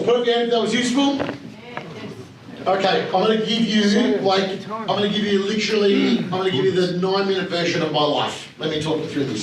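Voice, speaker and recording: Chatty Australian man in a roomy hall. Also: sits high. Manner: blunt and chatty, with many fillers and voiced quotes. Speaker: speaker at an investor evening. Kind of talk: casual storytelling talk to an audience. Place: large room at a live event. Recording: roomy echo, speaker heard from some distance, faint background hum.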